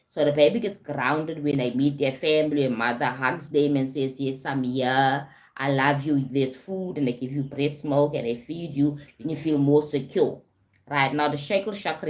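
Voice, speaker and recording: A woman with a South African accent, a life coach talking on a live stream, often adding "right?" and "okay?" and greeting viewers. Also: deep voice.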